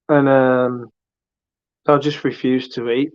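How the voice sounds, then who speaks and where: A man's voice: mid-range voice, steady tone, slow pace, clean tone, no room sound. A man hosting a live stream, chatting casually and rambling as he greets viewers by name. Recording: dull lo-fi stream audio.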